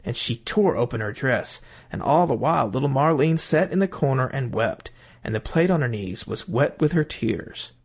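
A man reading a fairy tale aloud as storyteller, in an expressive, melodic way. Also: mid-range voice, moderate pace, creaky, breathy edge.

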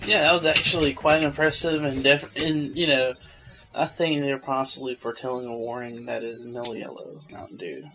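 A man's voice: mid-range voice, steady tone, moderate pace, music in the background. A man co-hosting a podcast, telling wry stories about his tech-support work in casual chat. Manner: wry, anecdotal storytelling. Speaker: podcast co-host, former tech support worker. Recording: dull lo-fi podcast audio.

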